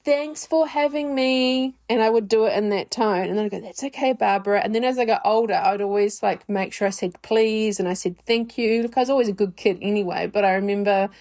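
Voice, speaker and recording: A woman hosting her own podcast, speaking in a personal, reflective monologue. She talks candidly and in a chatty way, often joking at her own expense. Her voice sits at an ordinary middle pitch. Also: steady tone, quick pace, hardly any pauses, darkish tone. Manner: candid, chatty, self-deprecating. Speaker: podcast host.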